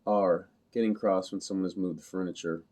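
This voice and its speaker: Male reader, deep and dark, flat and measured first-person reading. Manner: flat, literal, measured delivery. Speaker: audiobook reader.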